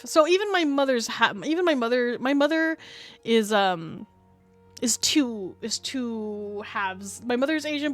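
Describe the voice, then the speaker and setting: Woman streamer, high bright voice, giggly and chatty, faint music underneath. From Canada. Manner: giggly, chatty, swears casually. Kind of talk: casual gaming stream chat.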